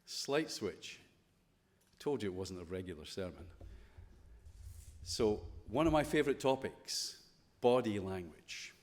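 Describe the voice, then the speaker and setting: A man's voice: on the low side, animated, unhurried. Scottish guy chatting through a school chapel talk, lots of questions to the kids, big echoey chapel. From Scotland. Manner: conversational, playful, full of rhetorical questions. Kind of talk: informal chapel talk to students.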